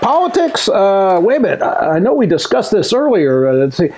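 A man's voice: sits high, big pitch swings, fairly quick, background noise. A man co-hosting a comedy talk show, joking and hesitating with many ums. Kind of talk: casual comedic banter.

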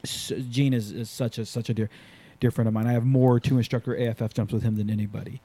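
A man hosting a podcast and working as a skydiving instructor, telling animated, profanity-laced stories in casual chat. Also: medium pitch, quick pace, husky, no echo.

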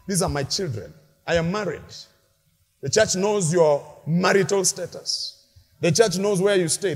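Animated preaching man. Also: high voice. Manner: animated, shouting peaks, playful asides to congregation. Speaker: pastor. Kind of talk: lively sermon. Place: large church hall. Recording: long hall reverb from a church.

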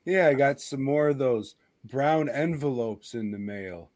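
A man's voice: mid-range voice, unhurried, a little mellow, dry recording. A man hosting a casual podcast, wry and cursing freely, telling stories and mimicking people he spoke to on the phone. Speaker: podcast host.

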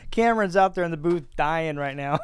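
A man's voice: fairly high pitch, brisk, smooth. Upbeat teasing male podcast co-host. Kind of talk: casual chat. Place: podcast studio.

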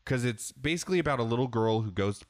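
A man's voice: mid-range voice, lively intonation, fast, no echo, clean studio sound. A man hosting a podcast, candidly rambling through a casual game discussion and often restarting his sentences. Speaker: podcast host.

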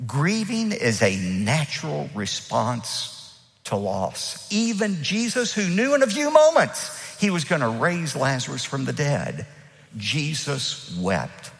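Pastor, male, emphatic sermon delivery with a lively rising and falling pitch, long echo of a big church hall. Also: a little slow, creaky. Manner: emphatic preaching, acts out quoted speech.

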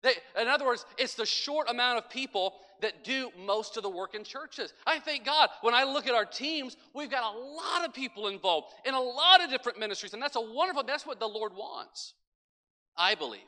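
A man's voice: very high-pitched, brisk. A middle-aged male pastor preaching a sermon, telling stories animatedly and speaking straight to the congregation. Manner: animated storytelling preacher, acts out voices and asides to the congregation. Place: church sanctuary. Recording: long church hall reverb.

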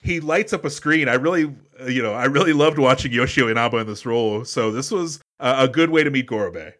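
A man's voice: mid-range voice, fairly quick, fairly bright tone. A man co-hosting a podcast in casual chat, enthusiastically recapping film scenes. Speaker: podcast co-host.

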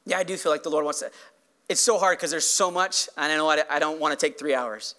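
A pastor delivering a sermon in a high, bright man's voice. He preaches earnestly but conversationally, often tossing in quick tag questions to the congregation. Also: fairly even intonation.

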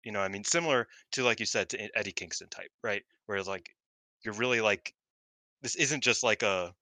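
A man chatting casually on a podcast, an animated storyteller who swears freely and says "like" a lot. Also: on the low side, a little fast, no echo. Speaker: wrestling podcast panelist.

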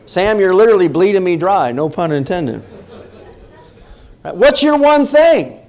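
Very animated and high-pitched, with a darkish tone, this middle-aged male pastor from the northern US speaks a little slowly. His conversational sermon is emphatic, full of questions put directly to the congregation.

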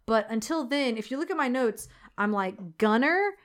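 Smooth-voiced woman recapping a movie casually. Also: a little high, normal speed. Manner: animated, swears freely, mock voices for quotes. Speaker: podcast co-host.

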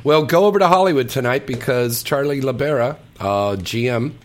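A man's voice: mid-range voice, moderate pace. A man hosting a casual radio chat, playful and teasing with his guests. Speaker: radio host.

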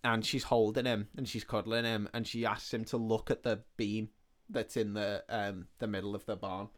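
A man's voice: fairly low pitch, moderate pace. Man animatedly recapping a film. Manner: animated retelling, quoting characters, frequent "blah, blah, blah". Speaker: podcast co-host. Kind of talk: casual film recap chat.

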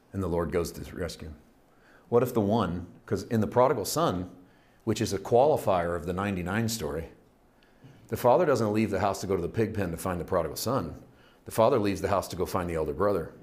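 A middle-aged man preaching a sermon, telling a parable with lively storytelling and acting out its characters. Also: deep voice. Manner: animated storytelling, acting out characters, rising to shouts. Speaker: pastor.

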